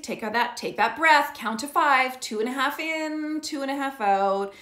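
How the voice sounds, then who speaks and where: A middle-aged woman coaches parents in an earnest, explanatory way, checking in with her listeners as she goes. Her voice sits a little high. The room gives it a noticeable echo. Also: fairly bright tone. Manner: earnest, checks in with frequent "okay?" and "right?". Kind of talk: teaching talk to parents. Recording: roomy echo.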